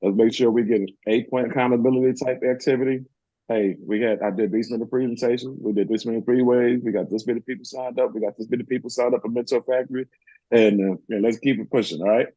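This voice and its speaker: Call leader, male, quick and mellow-voiced, dull lo-fi call sound. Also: medium pitch, steady tone, no room sound. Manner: brisk, directive, encouraging. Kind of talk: coaching on a group call.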